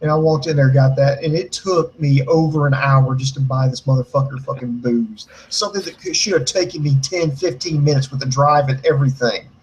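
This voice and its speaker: An American man co-hosting a casual show, telling a story in an animated way, swearing a lot and acting out the quotes. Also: medium pitch, a little fast, few pauses, a little hiss or hum, low-quality recording. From United States. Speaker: podcast co-host.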